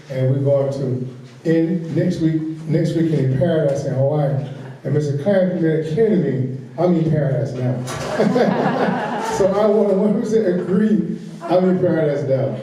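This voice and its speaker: A man's voice: fairly high pitch, warm tone, a little hiss or hum. Southern man teaching in an echoey room. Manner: folksy, repeats key points, laughs easily. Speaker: workshop instructor. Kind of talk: financial training lecture. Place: large echoey meeting room. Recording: echoey room, distant mic.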